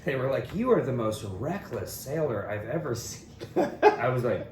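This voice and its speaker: Young podcast co-host from Kentucky, lively swooping pitch, echoey room with audible noise. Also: male voice, normal speed. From Louisville, Kentucky. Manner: animated storyteller, jumps into squeaky voices for quoted people. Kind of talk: casual storytelling chat.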